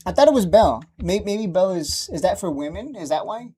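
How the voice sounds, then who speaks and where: A man chatting casually on a live stream about stock charts, rambling and quick to laugh or get annoyed. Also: sits high, animated, dark tone, husky.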